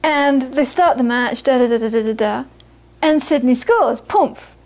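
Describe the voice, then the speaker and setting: A woman giving a Buddhist talk, telling stories with lively acted-out quotes and then turning soft and earnest as she teaches. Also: high-pitched, a little slow. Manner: lively storytelling, acts out the people she quotes. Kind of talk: dharma talk to a small audience.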